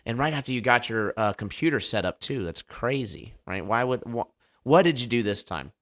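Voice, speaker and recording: A man's voice: mid-range voice, expressive, moderate pace. A man hosting a casual livestream debate show, talking loosely and joking as he sets things up. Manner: loose, joking, hype-style banter.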